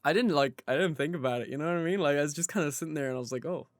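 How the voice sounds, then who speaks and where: Young male co-host, lively and foul-mouthed, high register, dry close recording. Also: racing, no echo. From Ireland. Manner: animated, swears a lot, laughs while telling stories. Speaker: podcast co-host. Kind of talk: casual chat.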